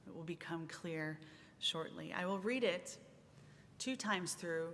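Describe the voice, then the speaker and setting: A woman minister leading a service, speaking in a slow, measured, meditative way with long pauses. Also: fairly bright tone. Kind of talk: sermon and guided centering. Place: large church sanctuary. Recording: reverberant sanctuary, faint rumble.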